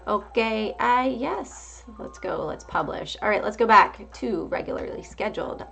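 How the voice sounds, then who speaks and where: A woman's voice: medium pitch, expressive, unhurried, vocal fry, sharp tone, soft background music. A woman hosting a casual live market stream, calling out price levels and chatting back to viewers. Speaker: livestream market host.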